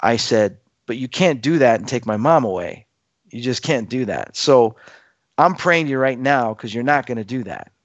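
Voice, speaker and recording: A man's voice: medium pitch, normal speed, no room sound, dull audio. A man telling a dramatic personal story to listeners, acting out the quoted voices as he goes. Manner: acts out quoted voices, lively and emphatic.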